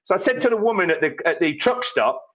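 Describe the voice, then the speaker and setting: Animated English man telling stories. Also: fast, poor audio. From England. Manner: animated, swears freely, acts out quoted lines with big pitch jumps. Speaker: guest musician. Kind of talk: casual storytelling on a live stream.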